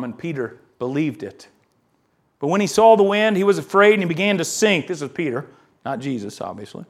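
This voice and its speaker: A male pastor delivers a sermon in a high, light voice. He is animated and dramatic, acting out the people in the scripture he reads and moving from hushed asides to loud emphatic lines. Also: normal speed. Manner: animated preaching, acts out quoted voices, swings from soft asides to loud emphasis.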